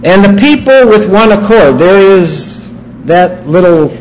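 A man's voice: sits high, sing-song, a little slow, slight background noise, low-quality recording. A man teaching a Bible class, walking his students through their notes and stressing key words emphatically.

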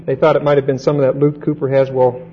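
A man's voice: medium pitch, level tone, dull audio, slight background noise. A man giving a conversational Bible lesson, repeating his points and checking in with his listeners. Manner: unhurried, repeats points and checks understanding with "okay?". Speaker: Bible teacher.

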